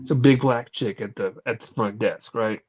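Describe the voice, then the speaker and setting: A podcast host telling a story in casual chat, animated and swearing casually, with plenty of fillers. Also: male voice, lowish voice, normal speed, husky. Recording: slightly muffled lo-fi recording.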